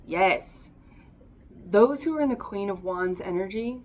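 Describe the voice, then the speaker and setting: A woman reads tarot cards aloud in a loose, conversational way. She is encouraging and chatty, with frequent laughter. Her voice sits at an ordinary middle pitch for a woman. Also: animated, unhurried. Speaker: tarot reader. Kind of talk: casual tarot reading to camera.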